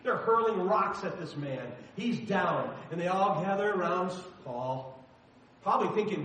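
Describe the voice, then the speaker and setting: Male pastor, high bright voice, emphatic sermon delivery with shouted peaks, roomy church echo. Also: unhurried, slight background noise. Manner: animated, emphatic preaching with sudden shouts. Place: church sanctuary. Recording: roomy echo, voice heard from a distance.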